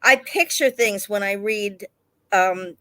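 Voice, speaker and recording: Woman, theatre director; unhurried and reflective, bright voice. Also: medium pitch, dry recording. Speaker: stage director. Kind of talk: casual interview chat.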